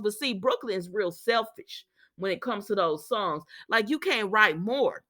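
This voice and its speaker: A woman chatting casually as she recaps a soap opera, animated and opinionated, with sassy asides and remarks aimed at the characters. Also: medium pitch. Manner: drawn-out exclamations and sassy asides.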